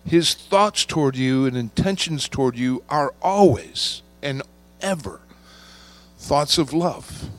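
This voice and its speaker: A man preaching a sermon, reading scripture and slowing down to stress key words. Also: mid-range voice, animated. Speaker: pastor.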